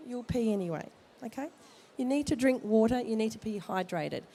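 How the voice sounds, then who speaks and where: Fairly high-pitched and expressive, a woman with a cold talks a little fast in a mellow voice. She is a midwife speaker at a baby expo, offering jokey, straightforward advice to expectant parents in a casual talk in the expo hall.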